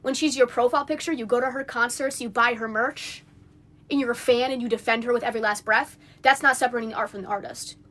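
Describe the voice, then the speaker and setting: A woman's voice: a little high, fairly even intonation, fast, a bit bright. A young woman on a phone livestream, venting in an indignant, rambling rant full of fillers. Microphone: phone mic.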